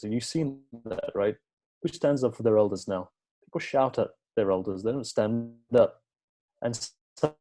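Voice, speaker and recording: At a religious gathering, a man delivers a sermon built on storytelling, acting out quoted dialogue with earnest, repetitive emphasis. His voice is fairly low and warm, at a moderate pace.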